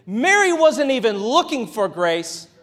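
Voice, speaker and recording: A man preaching a sermon in a casual, conversational way, with playful asides, acted-out quotes and rises to a shout at high points. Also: big pitch swings, a little slow. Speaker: pastor.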